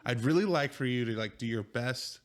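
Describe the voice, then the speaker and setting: A man's voice: mid-range voice, a little fast. A man with an American accent, co-hosting a podcast in casual chat, joking and laid-back. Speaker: podcast co-host.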